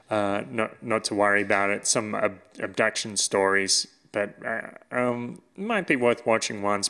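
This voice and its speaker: A man's voice: lowish voice, pushed and bright. A man co-hosting a casual chat podcast, rambling and hesitant with frequent laughs. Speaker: podcast co-host.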